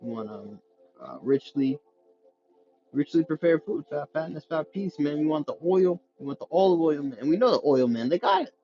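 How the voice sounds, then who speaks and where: A man's voice: on the high side, lively intonation, mellow, soft background music. Man reading and preaching scripture, lo-fi. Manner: reads slowly with stumbles, then breaks into slangy commentary. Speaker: scripture teacher.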